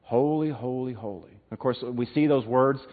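A man teaching an evening Bible lesson to a live class, emphatic, swinging from loud stresses to quiet drops and repeating words. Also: mid-range voice, normal speed. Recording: tinny phone-like sound.

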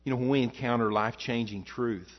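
Man, pastor, sermon, rhetorical questions, swings loud to soft, mid pitch, dull lo-fi sound. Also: fairly even intonation, fairly quick. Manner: rises and falls in pitch and loudness, rhetorical questions.

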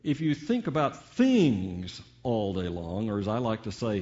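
Older preacher, dramatic swings. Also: male voice, very animated, moderate pace, few pauses, muffled recording. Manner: dramatic preaching, swings from booming peaks to hushed asides, rhetorical questions. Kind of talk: sermon.

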